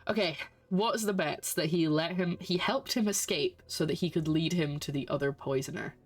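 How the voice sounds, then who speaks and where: A woman's voice: sits low, normal speed, husky. Brief: woman game streamer, casual, exasperated, sarcastic, faint game music behind. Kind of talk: casual gameplay commentary. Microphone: desk microphone. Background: game audio.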